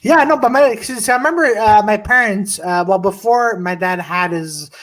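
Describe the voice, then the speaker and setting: A man's voice: high-pitched, moderate pace, fairly bright tone. A young man co-hosting a comedy podcast, telling a long funny story in a rambling way, with lots of restarts and repeated "and then". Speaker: podcast co-host.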